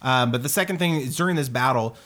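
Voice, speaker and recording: A man hosting a casual movie review chat, animated and crude, with lots of fillers. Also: medium pitch, fast.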